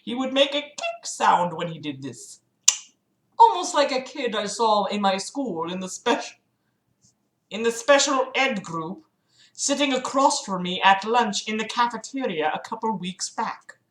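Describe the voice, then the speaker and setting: A woman's voice: on the high side, big pitch swings, unhurried, roomy sound. A woman hosting a livestream, reading a book aloud and breaking off into sarcastic, exasperated commentary full of swearing. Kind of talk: dramatic reading with mocking commentary. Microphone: streaming mic.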